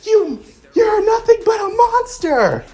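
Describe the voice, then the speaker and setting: A man's voice: very high voice, very animated, takes it slowly, pitched above the performer's own voice, exaggerated voice. Man voicing a shrieking enraged fallen angel girl. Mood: screaming rage. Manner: screeching, shouting in rage. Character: furious young female fallen angel.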